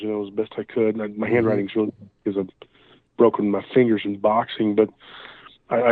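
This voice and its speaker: Over a tinny, dry phone line, a male guest with a mid-range voice tells stories about encounters he's had. His speech is casual and rambling, full of fillers and restarts.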